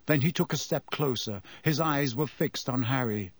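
A man's voice: medium pitch, dry recording. Man narrating a story, dry close sound. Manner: measured storytelling reading. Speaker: audiobook narrator. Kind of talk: scripted narration.

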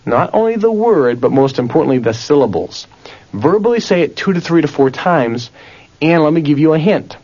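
Male instructor, animated tape-lesson delivery, repeats syllables aloud, dull lo-fi sound. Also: fairly high pitch, moderate pace. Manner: animated, questioning teacher, repeats words aloud. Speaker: memory course instructor. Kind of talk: recorded audio lesson.

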